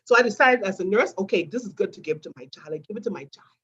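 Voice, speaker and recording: A woman tells her story, warming into emotion and calling the listeners "guys". Her voice is husky and a little breathy. The sound is muffled, like a low-fidelity stream. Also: a little fast. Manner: earnest, addresses listeners as "guys". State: getting emotional. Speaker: nurse sharing a testimony. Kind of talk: emotional personal testimony.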